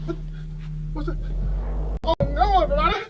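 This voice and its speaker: A man's voice: very high voice, moderate pace, very noisy. A man doing jumpy scared ghost-hunting vlogger. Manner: ends nearly every sentence with "everybody"; fearful, hushed narration.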